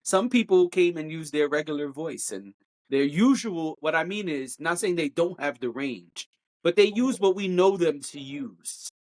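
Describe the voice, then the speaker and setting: A podcast co-host whose pitch swings widely. The delivery is animated and opinionated, with a playful teasing edge. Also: moderate pace. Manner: animated, jumps pitch to mimic singers. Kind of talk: casual podcast chat.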